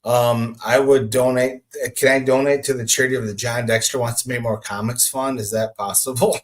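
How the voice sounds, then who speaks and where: A man's voice: mid-range voice, fairly even intonation, normal speed. A man in his forties, a guest on a podcast, talking casually and easygoing with frequent laughs and hesitant fillers. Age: 40s. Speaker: guest, comic creator. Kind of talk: casual interview chat.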